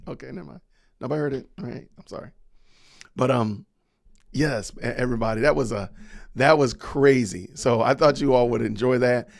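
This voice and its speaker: A man's voice: mid-range voice, normal speed, creaky, long pauses, no room sound, studio quality. A man hosting a podcast livestream, chatting casually and reading viewer comments aloud with frequent laughs. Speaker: podcast host.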